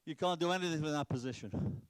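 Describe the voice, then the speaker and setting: Man, soccer coach, from Britain, middle-aged, directive drill calls, fairly high pitch, dry. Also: quick pace, smooth, no room sound. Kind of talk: on-field coaching demonstration.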